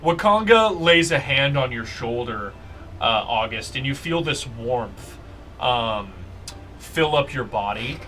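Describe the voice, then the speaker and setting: A man narrating slowly as game master of a tabletop game, relaxed and full of fillers. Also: medium pitch, a little hiss or hum.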